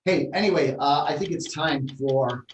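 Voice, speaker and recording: A man's voice: fairly high pitch, moderate pace, distant mic, muffled recording, slight background noise. Male co-host, casual rambling storyteller, roomy off-mic sound. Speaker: martial arts podcast co-host. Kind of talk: casual chat. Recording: roomy, set back from the mic.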